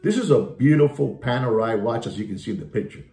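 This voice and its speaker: A gravelly-voiced man delivers a theatrical, mocking watch market update, hammering the same catchphrases and slipping into Spanish asides. His pitch swoops widely as he rants. The room is echoey, with faint guitar music behind him. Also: lively intonation, quick pace, warm tone.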